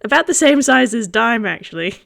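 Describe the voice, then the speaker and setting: A woman's voice: on the high side, expressive, a little fast, creaky, fairly bright tone. A woman running a tabletop game as game master, narrating in rambling, giggly descriptions with playful sound effects.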